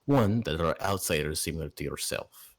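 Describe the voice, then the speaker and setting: A man voicing a grandiose, scheming warlock who persuades with theatrical flattery. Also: a bass voice, moderate pace, a little hiss or hum. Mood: persuasive.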